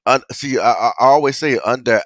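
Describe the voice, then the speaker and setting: A man's voice: mid-range voice, brisk, a bit bright, dry recording. A man speaking as a guest on an online panel, earnest and defiant. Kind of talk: heated panel talk.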